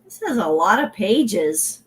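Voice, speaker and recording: A woman's voice: mid-range voice, sing-song, slow pace, slight background noise. A woman co-hosting a live sale, giving brief, agreeable replies.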